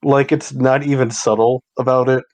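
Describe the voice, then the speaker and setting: A young man with an ordinary, mid-pitched voice talks in a relaxed, casual way as a podcast co-host. He leans on fillers and drops dry asides as he goes. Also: moderate pace, no room sound, rough recording. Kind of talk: casual chat.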